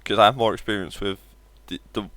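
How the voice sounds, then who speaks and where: A man's voice: lowish voice, fairly even intonation, fairly quick, a bit bright, dry recording. A man streaming a game live, chatting casually with viewers in a wry, joking way and swearing offhandedly. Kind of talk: casual live-stream chat while gaming.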